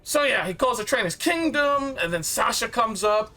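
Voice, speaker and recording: A man recapping a story game in a rambling, excitable, slangy way, full of fillers and asides. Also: very high-pitched, normal speed, soft background music. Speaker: game reviewer.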